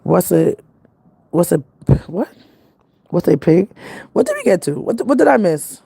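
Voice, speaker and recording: Her voice is fairly low, warm, gravelly, and slightly rough, with a sing-song lilt and a somewhat slow pace. The young woman, a vlogger with a New York accent and Jamaican family roots, rambles casually on a livestream and laughs often.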